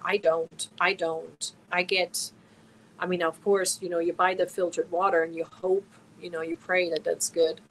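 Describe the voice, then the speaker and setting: A woman's voice: on the low side, a bit bright, a little hiss or hum, low-quality recording. A woman from Germany hosting a casual crochet livestream, talking earnestly and emotionally while reading viewer comments aloud. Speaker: crochet channel host.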